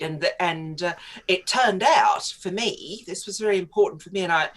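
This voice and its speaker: A woman's voice: lowish voice, normal speed, fairly bright tone. A middle-aged woman, a writer interviewed on talk radio, telling stories in a chatty way with frequent laughs. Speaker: guest writer.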